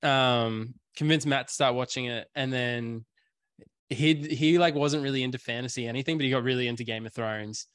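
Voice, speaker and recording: A man hosts a relaxed chat and rambles through his stories, leaning on "like" and "um". His voice sits at an ordinary pitch for a man. The sound is close and dry, with no room around it. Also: normal speed, no echo. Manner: rambling storyteller, lots of fillers. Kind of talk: casual chat.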